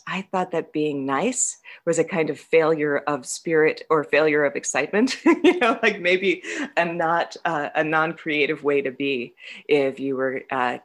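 Low-voiced woman telling her story, laughing. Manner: laughs often, many fillers and restarts, self-mocking. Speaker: guest sharing her recovery story. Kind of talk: candid conversational storytelling.

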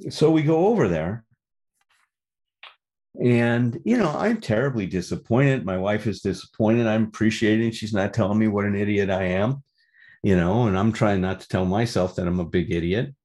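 Man, low-ish voice, conversational storyteller: candid, casual swearing, reflective. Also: expressive, normal speed, a little mellow. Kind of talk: personal storytelling talk.

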